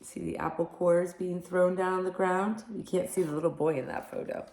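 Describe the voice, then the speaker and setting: A woman teacher reading picture books aloud to young children, animated and gentle, often asking them questions. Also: fairly low pitch, normal speed. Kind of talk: children's storybook read-aloud. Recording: echoey room.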